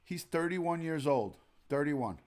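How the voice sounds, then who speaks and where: A man's voice: a little high, expressive, a little slow, a little mellow, slight background noise. A man in his forties with a New York accent, a retired detective hosting a rambling late-night live stream from home, chatting and greeting viewers by name. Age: 40s. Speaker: livestream host, retired detective. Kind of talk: casual live-stream chat.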